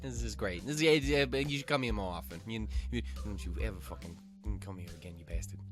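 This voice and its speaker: A man voicing a manic, paranoid, nearly blind young man who talks loudly and jitters between friendly and hostile. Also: on the low side, fairly quick, over music, natural voice.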